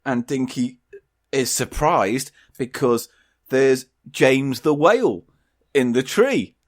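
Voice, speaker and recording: A man's voice: mid-range voice, expressive, takes it slowly. A man on a comedy podcast, improvising a daft children's story and bantering back defensively. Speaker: podcast co-host.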